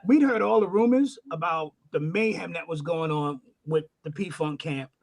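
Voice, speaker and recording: A middle-aged man, a guest musician, telling an animated, profane story in casual chat. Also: a little high, moderate pace, vocal fry. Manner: animated, profane, acts out the voices in his stories.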